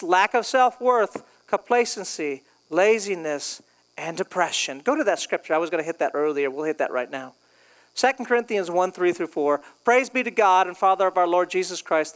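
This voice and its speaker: A male pastor preaching a sermon, telling funny stories from his past and joking with the congregation. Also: sits high. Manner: storytelling, joking, animated.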